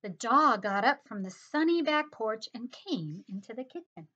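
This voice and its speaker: A woman reading a children's story aloud in a slow, expressive storytelling manner. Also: a little high. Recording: dull lo-fi recording.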